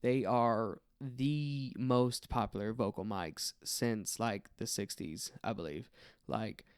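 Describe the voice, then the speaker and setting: A man's voice: lowish voice, slow, clear, resonant tone, no room sound, studio quality. An American man co-hosting a podcast in casual, rambling chat, laughing often. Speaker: podcast co-host. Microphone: dynamic vocal mic.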